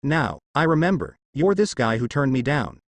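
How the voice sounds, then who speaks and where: A man's voice: mid-range voice, big pitch swings, normal speed, no echo. A man voicing a sultry fallen-angel woman who purrs her words. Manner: purring.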